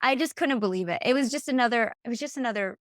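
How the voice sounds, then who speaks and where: Animated woman telling a story. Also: fairly high pitch, fast talker, dry recording, studio quality. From Michigan. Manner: animated, acts out quoted dialogue. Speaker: podcast guest, hypnotherapist. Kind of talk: casual storytelling.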